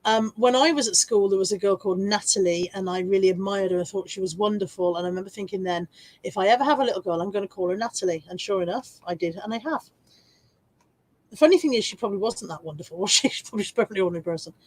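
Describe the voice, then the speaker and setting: A woman's voice: medium pitch, very fast, a little mellow. Chatty English woman in her forties. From England. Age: 40s. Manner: chatty, self-mocking, laughs often. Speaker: reseller livestream host. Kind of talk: casual live chat reading comments.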